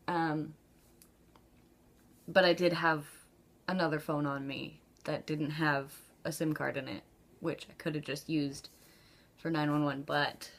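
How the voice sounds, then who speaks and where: A woman tells a story to the camera in a relaxed, chatty vlog style, her voice sitting a little low. She laughs often and leaps up in pitch whenever she acts out the people in her story. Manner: acts out quoted dialogue with pitch jumps. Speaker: vlogger. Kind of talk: casual storytelling.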